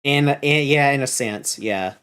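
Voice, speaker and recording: A man's voice: mid-range voice, unhurried, fairly bright tone, clear, resonant tone. A man running a tabletop game as dungeon master, explaining item rules at length and correcting himself as he goes.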